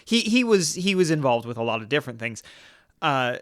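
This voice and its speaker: A man hosting a political podcast, talking in an earnest, halting way with many restarts and fillers. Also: mid-range voice, sing-song, a bit bright, dry recording, clean studio sound. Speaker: podcast host.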